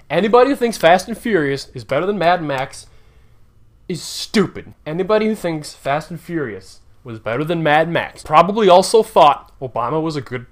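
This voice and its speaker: A man giving a casual, opinionated movie countdown, blunt and ranting, his voice jumping up when he gets worked up. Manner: animated, swings up and down in pitch when worked up. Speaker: movie reviewer.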